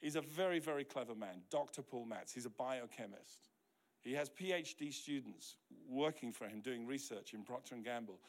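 A middle-aged pastor from New Zealand preaches to his congregation with a voice of ordinary pitch for a man. He tells stories and acts out the lines of the people in them. For tender moments he lowers his voice until it is soft and quiet. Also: normal speed. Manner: storytelling, acting out quoted dialogue. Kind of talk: sermon.

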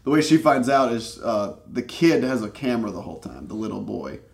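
A man's voice: mid-range voice, very animated, fairly quick, creaky, a little mellow. Guy on a podcast rambling through a movie plot, laughing a lot. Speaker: podcast co-host. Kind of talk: casual movie review chat.

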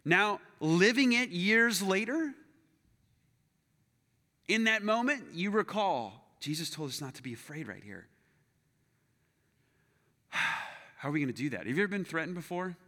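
A man preaching as a pastor, telling a personal story with self-deprecating humor and acting it out with lively voices. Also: high voice, measured pace, pauses often. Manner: animated, acts out his own story with self-deprecating humor. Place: church sanctuary. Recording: long hall reverb.

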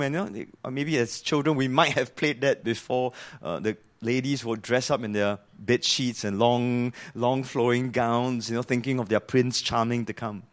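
A man's voice: medium pitch, steady tone, moderate pace, hardly any pauses. A man preaching an earnest sermon, explaining a passage and asking his listeners questions.

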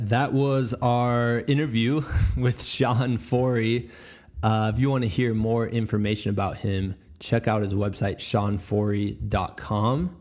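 A man's voice: on the low side, a little mellow. A man hosting a podcast, chatting casually, rambling and stumbling over his words and laughing easily. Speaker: podcast host.

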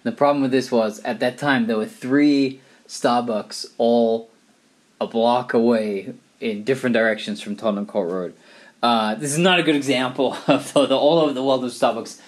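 A man's voice: medium pitch, normal speed. A middle-aged man from England, talking in a wry, rambling, digressive monologue. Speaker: vlogger. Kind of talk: casual monologue.

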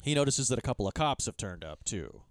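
A man's voice: mid-range voice, big pitch swings, fast talker, no echo. A man co-hosting a podcast who steadily walks through a movie plot in casual chat. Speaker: podcast co-host.

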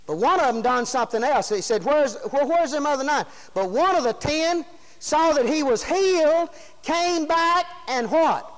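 High-pitched preacher, hall reverb. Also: male voice. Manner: shouting, Southern preacher cadence. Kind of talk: fiery revival sermon.

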